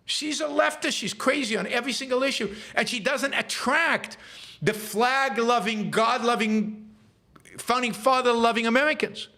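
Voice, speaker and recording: A man's voice: very high voice, normal speed, vocal fry, sharp tone. A man hosting a live show, ranting emphatically and heatedly about public figures. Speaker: podcast host.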